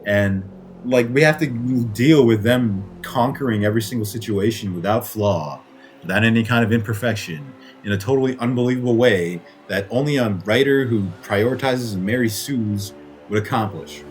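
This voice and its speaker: A man's voice: lowish voice, moderate pace, faint music behind. A man ranting angrily about video games, swearing often and firing off rhetorical questions. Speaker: gaming commentator. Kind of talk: angry profane rant.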